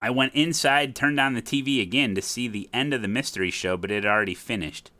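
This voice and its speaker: A man's voice: mid-range voice, fast, bright, forceful tone, natural voice. A man voicing a chatty, rambling elderly widowed woman who lives next door, folksy and a bit forgetful.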